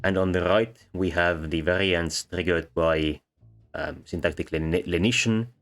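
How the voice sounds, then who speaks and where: A man explaining sound changes as a lecturer, pausing often with ums and uhs. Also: low-pitched, fairly even intonation, fairly bright tone. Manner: halting, many ums and uhs. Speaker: linguistics lecturer. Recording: faint background music.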